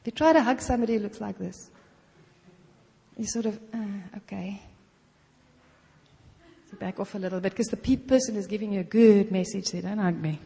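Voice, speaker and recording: A woman's voice: mid-range voice, fast talker, vocal fry, mellow. Chatty preaching woman in a reverberant hall. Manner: conversational, peppered with "you know", acts out little prayers. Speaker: guest preacher. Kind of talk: sermon.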